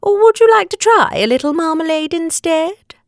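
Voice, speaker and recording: A woman's voice: very high-pitched, lively intonation, moderate pace, no room sound, clean studio sound, pitched above the performer's own voice. A woman doing a sweetly coaxing queen. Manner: sweetly persuasive. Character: coaxing, gentle storybook queen.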